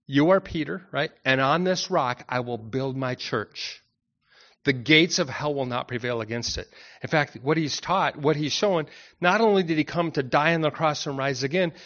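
A pastor delivers an expository sermon in a relaxed, conversational way, talking straight to the congregation. His voice sits a little high for a man. The recording is dull and lo-fi. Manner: conversational, anecdotal, addresses the congregation directly. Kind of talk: expository Bible teaching sermon.

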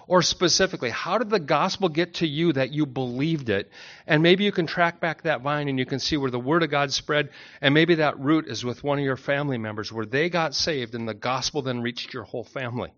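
Slightly high-voiced man teaching a sermon. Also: fairly quick, fairly bright tone, highs cut off. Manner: conversational, anecdotal, addresses the congregation directly. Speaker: pastor. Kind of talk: expository Bible teaching sermon.

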